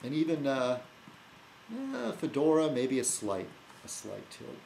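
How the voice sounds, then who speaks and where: A man talking casually to camera as a video blogger, rambling and teasing, halting often with fillers and restarts and chuckling to himself. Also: medium pitch, expressive, creaky, a little mellow, slight background noise, poor audio. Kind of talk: rambling casual vlog chat.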